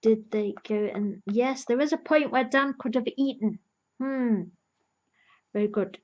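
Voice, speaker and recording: Slow-talking woman reviewing a TV episode. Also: on the high side, darkish tone, lo-fi sound. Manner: earnest, emotionally invested fan recapping the plot. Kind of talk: casual review vlog.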